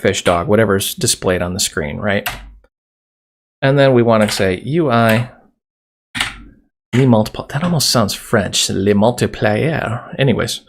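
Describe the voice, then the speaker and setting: Male coding instructor, low gravelly voice, casual screen-recorded tutorial, keyboard typing in background. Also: slight background noise. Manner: casual, chatty, jokes while typing code. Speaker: programming instructor.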